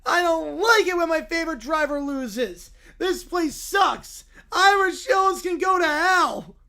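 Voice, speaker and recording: A man voicing a bratty young boy in a furious tantrum, whining, shouting and tearful as he reads a story in character. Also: very high-pitched, lively intonation, measured pace, gravelly, pitched above the performer's own voice, full character voice. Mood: whiny tantrum. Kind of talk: reading an AI-written story in character.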